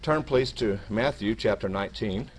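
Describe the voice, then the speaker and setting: A man's voice: on the low side, normal speed, slight background noise. A man giving a short sermon to his congregation, reading scripture aloud with rising emphasis and small restarts. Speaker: minister.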